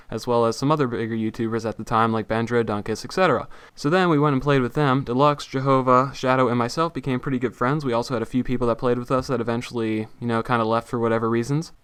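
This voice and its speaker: A man's voice: mid-range voice, a bit bright, clean tone, no room sound. A young man answering viewer questions in a casual gaming vlog, breezy and joking. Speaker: gaming YouTuber.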